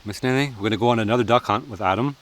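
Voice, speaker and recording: A man's voice: medium pitch, rapid-fire. A man chatting casually while cooking at an outdoor forest camp, joking and laughing often.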